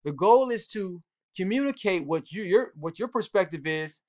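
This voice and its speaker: Male football coach, slightly high voice, casual and direct, repeats key points, muffled lo-fi audio. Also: lively intonation, moderate pace, a little mellow. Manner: direct, repetitive, coach-like urging. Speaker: football coach and cornerback trainer. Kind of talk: casual instructional talk to young players.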